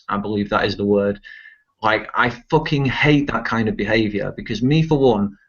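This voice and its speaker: A young man in casual online voice chat, ranting bluntly and swearing often. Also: lowish voice. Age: teens. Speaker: discussion participant. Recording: dull lo-fi voice chat audio.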